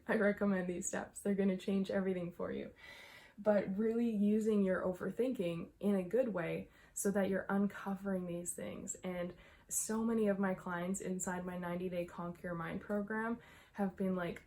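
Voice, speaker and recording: A young adult woman talking to camera as a mindset coach, slightly out of breath, emphatic and quick to laugh. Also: mid-range voice, darkish tone, slight background noise. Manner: emphatic, repeats herself, laughs often. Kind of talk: casual talk to camera.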